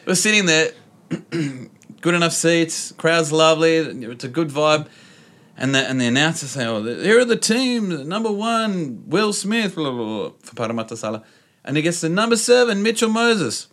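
Animated Australian man talking footy. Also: a little high, moderate pace. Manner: animated storyteller, laughs often. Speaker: podcast host. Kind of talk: casual sports chat.

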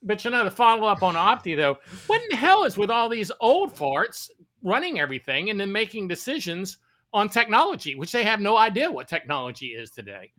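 Bright, high, animated man in chat. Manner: animated, exclamatory, laughing. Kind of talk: casual opinion chat.

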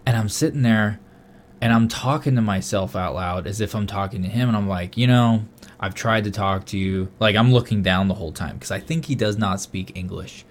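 A young man casually telling a long story on a podcast, swearing often and getting loud when he quotes himself. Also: on the low side, fairly quick. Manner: animated, swears a lot, loud bursts when quoting himself. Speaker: podcast co-host.

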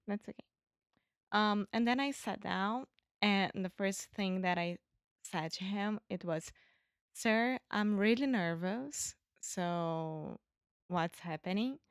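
A Brazilian woman, a native Portuguese speaker, telling a story in English with hesitant pauses and self-corrections. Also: medium pitch, smooth, no room sound, clean studio sound. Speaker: guest and English learner. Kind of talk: casual storytelling.

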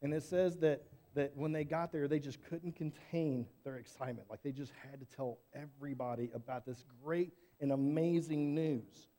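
A man telling a Bible story to children in church, casual and animated, often asking questions. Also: on the high side, moderate pace, few pauses.

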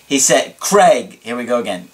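Animated man coaching on dating. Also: fairly high pitch, normal speed. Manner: animated, laughing, checks in with "right?". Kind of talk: casual monologue to camera.

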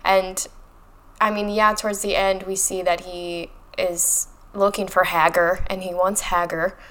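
A woman co-hosting a podcast, ranting in an animated, sarcastic way about a book. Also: lowish voice, measured pace. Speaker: podcast co-host. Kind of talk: casual book discussion.

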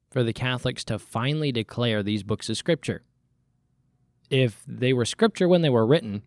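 Man, sermon, medium pitch, emphatic, rhetorical questions, dramatic pauses, dry close recording. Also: no echo. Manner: emphatic, rising on key points then dropping low. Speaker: preacher.

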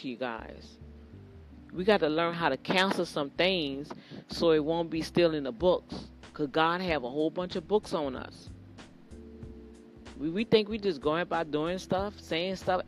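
A preacher giving an informal sermon, earnest and addressing listeners directly, often repeating phrases. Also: medium pitch.

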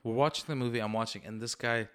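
A young man talking quickly on a casual podcast, with a voice of ordinary pitch for a man. He tells his stories with animated energy and a steady stream of profanity. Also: clear, resonant tone. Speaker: podcast co-host.

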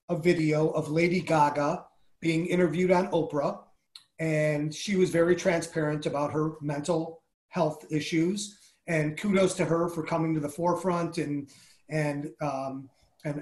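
Man, interview host, higher voice, enthusiastic, halting with fillers, echoey room. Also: darkish tone. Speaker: podcast host. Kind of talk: conversational interview.

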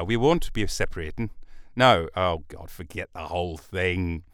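A man's voice: low voice, unhurried, fairly bright tone, dry recording. A man hosting a solo podcast from a studio, rambling through jokey, self-interrupting asides. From United Kingdom. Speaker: podcast host. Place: recording studio.

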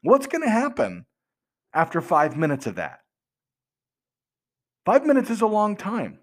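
A man's voice: sits high, huge pitch swings, a little slow. Earnest man explaining on a podcast. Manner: earnest, repetitive, rhetorical questions, frequent restarts. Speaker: podcast host.

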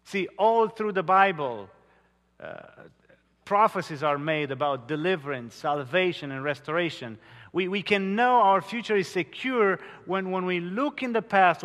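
A man preaching a sermon, telling stories earnestly with dramatic pauses. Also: high voice, sharp tone. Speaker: pastor. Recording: long hall reverb.

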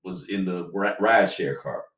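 A middle-aged man in casual chat, laid-back and storytelling, acting out quotes in animated voices. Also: deep voice, normal speed, distant mic. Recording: echoey room.

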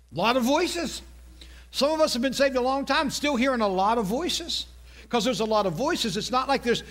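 A middle-aged male pastor preaching a sermon, telling a story with lively asides and repeated phrases. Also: high-pitched.

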